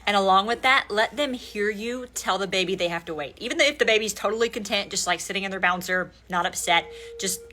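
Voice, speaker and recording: A woman's voice: medium pitch, fairly quick, pushed and bright, slight background noise. A young adult woman, a mother, giving practical parenting tips to camera in a casual, direct way. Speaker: parenting content creator.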